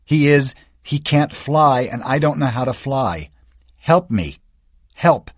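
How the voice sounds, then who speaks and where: A man's voice: medium pitch, moderate pace, a little mellow, no room sound, clean studio sound, natural voice. A man voicing a terrified thirteen-year-old boy stranded in a plane, pleading for help in an audiobook. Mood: desperate. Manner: pleading, voice cracking with panic. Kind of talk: audiobook character voice.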